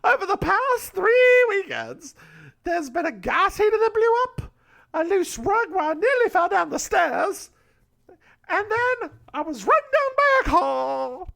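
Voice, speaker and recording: A man putting on the voice of a frightened elderly English woman, in a shrill, strained falsetto. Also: sing-song, unhurried, vocal fry, pushed and bright, full character voice. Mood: alarmed.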